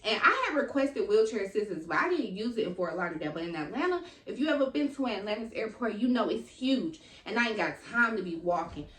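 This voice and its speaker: A young woman telling a long, animated story in casual slang and acting out what people said. She is a little out of breath. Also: medium pitch, fast, hardly any pauses. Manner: animated, slangy, acts out quotes. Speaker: vlogger. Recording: echoey room, mic at a distance.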